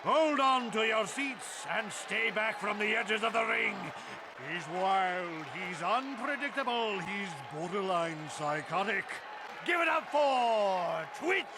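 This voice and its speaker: An actor playing a bombastic male arena announcer in a video game, booming like a showman. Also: animated, slow, noisy background. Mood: hyped. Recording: game voice over cheering crowd.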